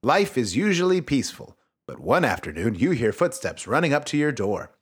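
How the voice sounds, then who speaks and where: A man's voice: medium pitch, very animated, normal speed, husky. A man hosting a comedic podcast, reading a children's book aloud with joking asides that drop into mumbles. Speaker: podcast host.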